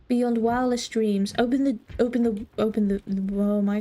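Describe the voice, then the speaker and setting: A woman's voice: a little high, fairly even intonation, moderate pace, few pauses, dark tone. A woman streaming a game live, chatting with viewers in a playful, mock-formal way while she plays. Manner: playful mock-formal phrasing, talks to chat. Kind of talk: live gaming commentary, reading chat.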